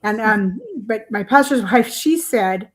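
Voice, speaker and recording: A woman's voice: medium pitch, measured pace. An older woman, an author and guest, telling her story in a rambling, chatty way full of fillers and small laughs. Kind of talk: podcast interview storytelling.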